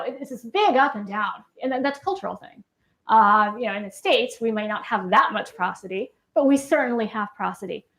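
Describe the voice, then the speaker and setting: A woman clinician giving a live lecture, talking casually and checking in with the audience with frequent questions. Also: medium pitch. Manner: conversational, asks the audience questions, tags points with "right?". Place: lecture room on a university campus.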